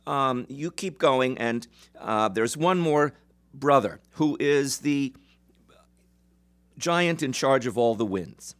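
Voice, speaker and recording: A man voicing a blunt, dismissive giant in a retold folk tale, speaking a little higher and louder than his own voice. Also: expressive, takes it slowly.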